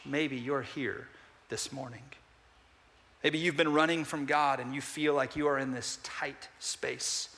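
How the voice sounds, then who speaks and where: A man preaching a sermon, earnestly asking his congregation questions and moving between emphatic peaks and quiet pauses. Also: fairly high pitch. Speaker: pastor. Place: church sanctuary. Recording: long hall reverb.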